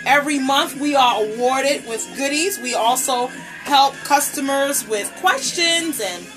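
A high-pitched, slightly slow female voice comes through a low-quality recording with music underneath. She's live-streaming an unboxing at her home table as a nail polish brand ambassador, enthusing over each piece and welcoming viewers by name, captured on a tablet camera mic.

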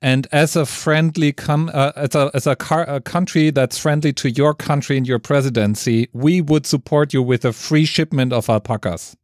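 A man's voice: on the high side, steady tone, normal speed, few pauses, dry recording, studio quality. Light-hearted man debating on a podcast. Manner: light-hearted, joking answers, then earnest.

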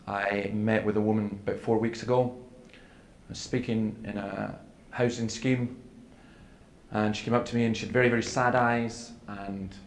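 A man giving an earnest seminar talk, telling stories with quoted dialogue. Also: mid-range voice. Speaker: preacher. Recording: echoey hall with faint room noise.

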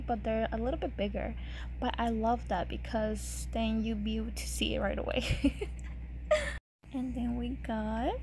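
A woman vlogger unboxing a package, gushing and gasping with excitement and often dropping to a whisper. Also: a little high. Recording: steady background noise.

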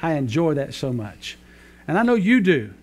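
A preacher in his fifties speaks in a high voice to his church congregation. He tells jokes in a folksy, easygoing way, full of "uh" and "you know.". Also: sing-song, normal speed. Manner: folksy, joking storyteller with frequent fillers. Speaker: pastor. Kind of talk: sermon. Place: church sanctuary.

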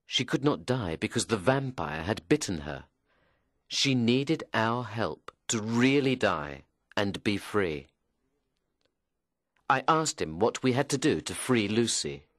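A man reading a graded-reader story in the first person, taking his time over each phrase. His pitch is on the low side but moves a great deal. The recording is dry and close. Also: big pitch swings, a bit bright, no echo. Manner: slow, measured storytelling. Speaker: audiobook narrator. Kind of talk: scripted first-person narration.

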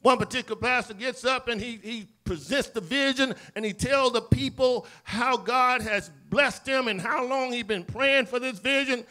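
A male pastor with a Southern accent preaches a sermon in a church sanctuary at normal speed, barely pausing, in a high, bright voice with a forceful edge. He performs scripture dialogue, moving between loud cries and hushed, low lines.

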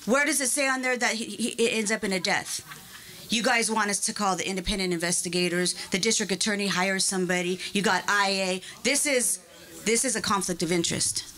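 A woman's voice: medium pitch, steady tone, a little fast, bright, forceful tone. Impassioned woman testifying at a podium. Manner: impassioned, emphatic, accusing. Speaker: public commenter. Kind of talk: public testimony at a board meeting. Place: public meeting hall.

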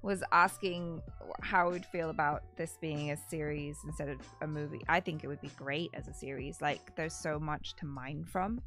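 A woman's voice: low-pitched, fairly even intonation, moderate pace, a bit bright, faint music behind. A woman co-hosting a casual movie-review live stream, chatty and easygoing. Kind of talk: casual chat.

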